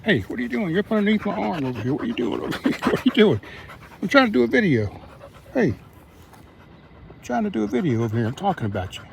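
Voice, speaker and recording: Brief: man doing a whiny, offended female dog, high-pitched and complaining, outdoor traffic noise. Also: big pitch swings, quick pace, gravelly, long pauses, heavily acted. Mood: annoyed. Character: indignant female pet dog, feeling ignored.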